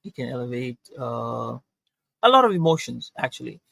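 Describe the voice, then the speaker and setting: Gravelly-voiced male podcast co-host. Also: medium pitch, big pitch swings, moderate pace, a bit bright, no echo. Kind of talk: casual podcast chat.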